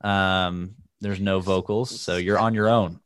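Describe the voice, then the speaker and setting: A man hosting a casual online impressions game, upbeat and quick to laugh as he announces turns and points. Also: low-pitched, fairly even intonation, a bit bright, clear, resonant tone, no room sound, studio quality. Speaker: game host.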